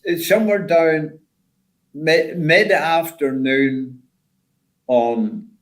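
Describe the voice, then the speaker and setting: An older man, a former rally driver, telling stories in a rambling, animated way with lots of repeated words. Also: fairly high pitch, drawn-out words, rough recording. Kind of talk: casual storytelling chat.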